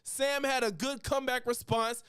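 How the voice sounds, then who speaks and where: A man reacting to a podcast on a live stream, talking with a high, lively voice. He thinks out loud, stops and restarts, and uses a lot of slang. His tone is casual and relaxed throughout. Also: moderate pace, clear, resonant tone, dry recording, studio quality.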